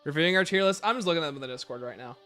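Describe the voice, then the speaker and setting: Animated male streamer, bright tone, loose joking livestream chatter. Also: a little high, rapid-fire, clean tone, faint music behind. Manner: animated, joking, thinking aloud. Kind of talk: casual livestream chat.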